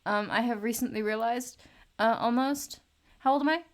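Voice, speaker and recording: On the high side and at a moderate pace, a woman in her late twenties chats and rambles on her live stream as she works on a drawing. She's casual, and she swears freely.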